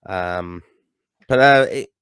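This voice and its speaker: A man's voice: sits low, takes it slowly, fairly bright tone, clear, resonant tone, dry recording. An Irish man co-hosting a podcast, chatting casually about football with emphatic, blunt opinions. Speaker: podcast co-host.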